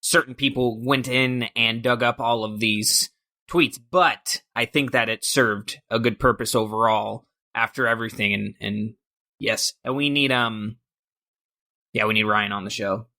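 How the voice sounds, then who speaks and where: A man's voice: mid-range voice, fairly even intonation, a little slow, sharp tone. A young man co-hosting a casual sports podcast, upbeat and easygoing. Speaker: podcast co-host.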